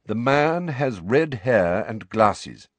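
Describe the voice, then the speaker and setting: A man reading aloud and voicing an old male headmaster wizard who speaks quietly, calmly and in measured tones. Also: mid-range voice, dry recording.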